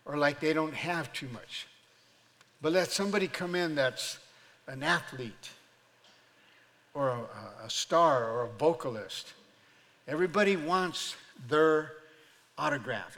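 An older man, a pastor, preaching a sermon as an animated storyteller who acts out voices and laughs often. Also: fairly high pitch, big-room sound.

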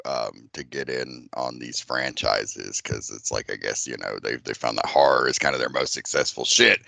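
A man's voice: extremely low pitch, moderate pace, gravelly, pushed and bright, dry recording. A man hosting a podcast, chatting casually about a movie in a rambling way that swears and restarts often. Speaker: podcast host. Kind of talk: casual movie review chat.

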